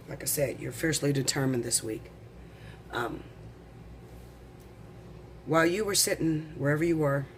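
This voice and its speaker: A woman reading tarot cards in a casual, blunt, excitable way, rushing and tripping over her words. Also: low voice, a little hiss or hum. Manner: rapid, excitable, blunt with swearing. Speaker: tarot reader.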